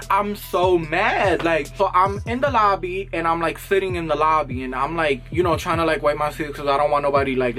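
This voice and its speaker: A young man vlogging a casual storytime, animated and swearing, acting out both sides of an argument. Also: on the high side.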